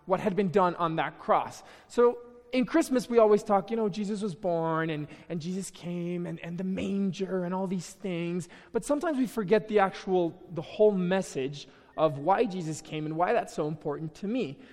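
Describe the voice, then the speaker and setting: A man's voice: high-pitched, normal speed, darkish tone, big-room sound. A young man giving a casual, conversational sermon at a church, chatty and self-deprecating, with frequent restarts. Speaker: preacher. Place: church hall.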